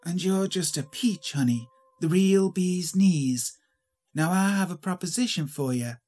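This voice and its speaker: A man's voice: high voice, lively intonation, moderate pace, darkish tone. A man voicing a sinister talking glass doll lady, with a sarcastic vaudeville accent and old-timey slang. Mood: coaxing. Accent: 1920s vaudeville.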